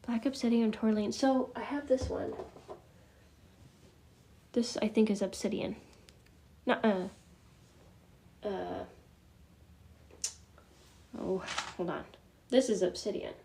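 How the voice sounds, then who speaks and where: A woman's voice: mid-range voice, fairly even intonation, slow pace, vocal fry, long pauses, mellow, a little hiss or hum. A middle-aged woman hosting a casual live class on crystals, talking in a chatty, scattered way with frequent laughs and muttered asides. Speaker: spiritual class host.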